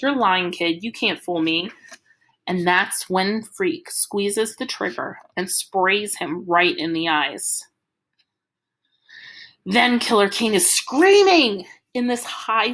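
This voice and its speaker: A woman's voice: mid-range voice, a bit bright, rough recording. A woman reading a first-person audiobook aloud with vivid, dramatic storytelling. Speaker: audiobook reader.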